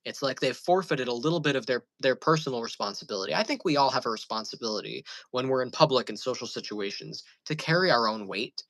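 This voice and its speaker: A man's voice: medium pitch, lively intonation, fast talker, hardly any pauses, a bit bright, no echo, poor audio. A man talking casually to camera, rambling through amused stories with many fillers and restarts. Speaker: channel host.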